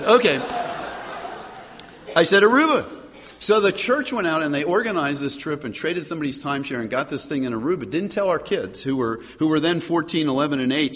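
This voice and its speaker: A middle-aged male pastor delivering a sermon, telling a personal story in a lively, chuckling way and repeating words as he goes, in a church. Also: fairly high pitch. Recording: long hall reverb.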